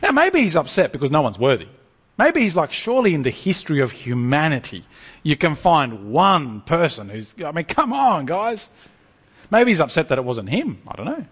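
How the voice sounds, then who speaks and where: A man preaching a sermon to a congregation, lively and animated, often stumbling over restarts. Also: a little high, normal speed, husky, big-room sound.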